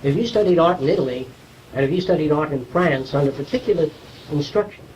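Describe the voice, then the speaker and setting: A man's voice: fairly high pitch, fast, a little mellow, dull audio, a little hiss or hum. Distant archival lecture, man explaining. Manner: conversational, explanatory, asks listeners if they follow. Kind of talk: informal lecture to a small audience.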